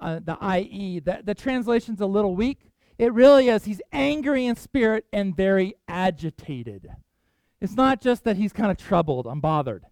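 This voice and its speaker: A man with a notably high voice preaches a sermon. He talks earnestly and conversationally, slowing down to press on key words. The recording is dry, with no room sound. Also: darkish tone, dry recording. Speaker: pastor.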